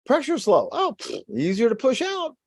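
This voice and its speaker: An excitable talking heart valve with a surfer-like drawl, put on by a man. The voice jumps well above his normal pitch and stays chatty and laid-back. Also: moderate pace, breathy edge, no room sound, studio quality, exaggerated voice. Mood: excited.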